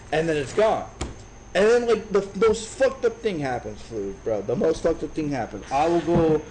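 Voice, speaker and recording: A man in his thirties from Chicago, telling a profane, animated story in a casual rant while streaming a game. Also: on the high side, a little hiss or hum, rough recording. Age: 30s.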